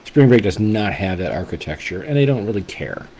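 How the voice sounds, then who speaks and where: A man's voice: lowish voice, very animated, brisk, dark tone, a little hiss or hum, rough recording. A man hosting a casual whisky tasting review, talking enthusiastically and rambling, often restarting his sentences. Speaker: whisky reviewer and channel host.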